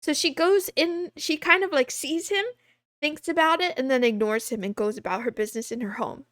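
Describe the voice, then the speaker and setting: A woman streamer chatting casually on a livestream, rambling and laughing often, a little hoarse. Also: sits high, fairly quick, fairly bright tone, dry recording, studio quality. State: losing her voice. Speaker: VTuber streamer.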